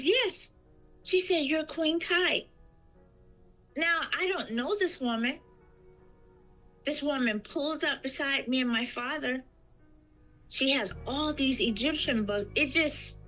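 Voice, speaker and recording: A woman tells her own story in a slow, unhurried way. Her voice is bright and fairly high, and she leans into the lines she quotes. A little music plays faintly behind her. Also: poor audio. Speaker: guest. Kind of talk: telling a personal story.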